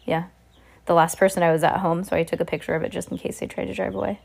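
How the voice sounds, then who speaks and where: A woman's voice: on the low side, little pitch movement, fast, gravelly, a little mellow. Chatty woman reading aloud casually. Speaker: reader. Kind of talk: casual read-aloud of a novel.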